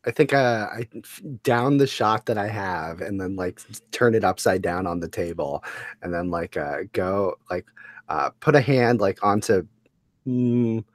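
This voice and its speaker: A man's voice: on the low side, unhurried, no echo. A man playing a tabletop game, talking hesitantly with many fillers. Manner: hesitant, full of "like" and restarts. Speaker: player. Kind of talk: tabletop play chat.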